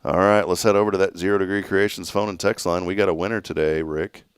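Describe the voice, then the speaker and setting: In a dry, studio-quality recording, a local morning-show host with a deep, smooth voice speaks fast with fairly even intonation. He reads a sponsor message, then shifts to joking with his co-host and reading viewer greetings.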